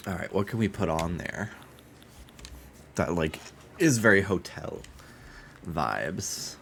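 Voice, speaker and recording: A man's voice: low-pitched, expressive, slow, vocal fry, a bit bright, slight background noise. A man streaming a game, chatting casually and playfully while he decorates, with light swearing. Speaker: streamer playing a life-sim game.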